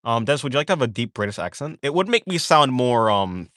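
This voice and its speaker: A man's voice: medium pitch, sing-song, fast, fairly bright tone, dry recording, clean studio sound. A man chatting casually on a livestream, reading viewer questions aloud and answering them in a rambling way, full of fillers and self-corrections. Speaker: art streamer chatting with viewers.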